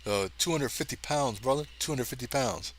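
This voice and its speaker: A man narrating a science fiction story aloud with lively drama, now and then turning to chat casually with his listeners. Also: mid-range voice, moderate pace, a little hiss or hum. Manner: lively, chatty, talks to listeners directly. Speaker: audiobook reader.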